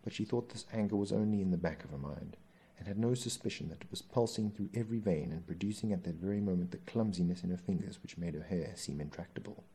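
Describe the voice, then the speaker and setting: A man reading a novel aloud in measured, even storytelling narration. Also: deep voice, breathy edge. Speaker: audiobook narrator.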